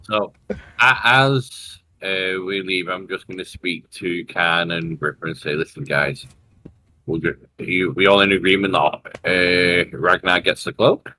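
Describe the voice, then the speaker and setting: A man's voice: low-pitched, fairly even intonation, measured pace, bright, forceful tone, slight background noise, rough recording. A man playing a tabletop game, chatting with the group and laughing often. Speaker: player. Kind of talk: tabletop game role-play.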